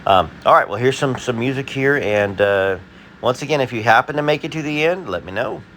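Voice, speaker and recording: A man hosting his video and reading viewer comments in a casual, halting way, full of fillers and restarts; he sounds tired. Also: medium pitch, expressive, a bit bright, slight background noise.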